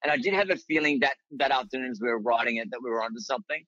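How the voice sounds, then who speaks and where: A man's voice: medium pitch, rapid-fire, bright, forceful tone, no echo, dull audio. An Australian man telling rambling anecdotes as a guest, with many restarts and fillers. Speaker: guest, writer and actor. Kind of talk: casual storytelling in a podcast interview.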